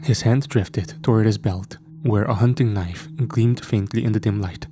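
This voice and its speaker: A man narrating a scripted horror story at a slow, measured pace. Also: on the low side, background noise. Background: faint music.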